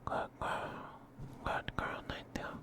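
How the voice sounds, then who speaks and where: A man whispering ASMR affirmations in a slow, soothing, repetitive way, his throat a little scratchy. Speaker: ASMR streamer.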